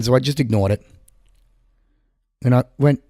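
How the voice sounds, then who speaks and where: A man's voice: medium pitch, moderate pace, warm tone, no room sound, clean studio sound. An Australian man with a sore throat, rambling through a crude story while co-hosting a gameplay video. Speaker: gaming video co-host. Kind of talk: casual gameplay chat.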